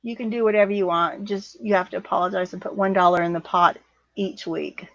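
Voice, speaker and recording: A woman's voice: mid-range voice, steady tone, brisk, fairly bright tone, no echo, lo-fi sound. A woman co-hosting a casual livestream, chatting and reading viewer comments in a rambling, easily amused way. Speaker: livestream co-host. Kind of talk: casual live-stream chat reading comments.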